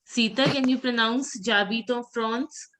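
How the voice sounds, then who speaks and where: A woman teaching a French pronunciation class, drilling words slowly and patiently. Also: fairly high pitch, steady tone, background noise.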